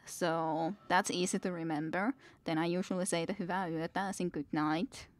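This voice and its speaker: A woman's voice: on the low side, steady tone, normal speed. A woman in her twenties streaming a game, chatting casually and answering her chat between moments of play. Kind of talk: casual live-stream chat while gaming.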